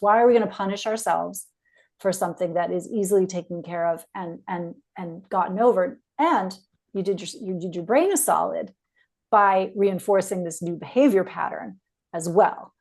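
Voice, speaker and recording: Woman, podcast host, gravelly texture, encouraging, casual interview. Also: lowish voice, moderate pace, darkish tone. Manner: affirming, encouraging.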